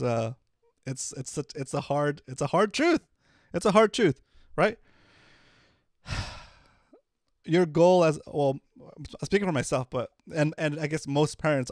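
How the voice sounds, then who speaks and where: Animated man, higher voice. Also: no room sound, studio quality. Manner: animated, keeps asking "right?". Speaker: host. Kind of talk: casual livestream chat.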